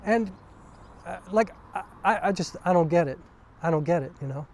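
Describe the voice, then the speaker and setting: A man's voice: high-pitched, lively intonation, a little mellow. A man rambling casually in a vlog, filling his talk with "you know" and "like.". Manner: rambling, chatty, fills every pause with "you know". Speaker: YouTube vlogger. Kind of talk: casual talking-head vlog.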